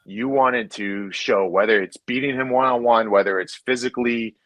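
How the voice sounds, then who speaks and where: Over a low-quality recording with no echo, a man's mid-range voice moves at a moderate pace. A podcast guest and ex-hockey player in his thirties or forties, he tells stories animatedly, curses freely, and shifts voices to quote others.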